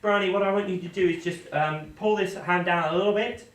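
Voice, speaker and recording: Playful man with a bright, high voice. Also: brisk. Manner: playful, teasing. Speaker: magician. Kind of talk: live magic-show patter. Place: indoor venue. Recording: echoey room, mic at a distance.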